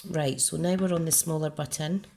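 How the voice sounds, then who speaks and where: A woman's voice: low voice, steady tone, normal speed, gravelly, dark tone, a little hiss or hum. A woman with a Scottish accent, chatting her way through a card-making tutorial and talking herself through each step. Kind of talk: casual crafting tutorial.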